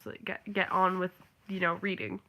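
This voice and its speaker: A young woman talking straight to camera in an easy, rambling way. Her voice is bright and sharp, and she piles on fillers as she drifts into small rants. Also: lowish voice, flat delivery, moderate pace. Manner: rambling, filler-heavy, ranting. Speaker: vlogger. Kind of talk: casual chat.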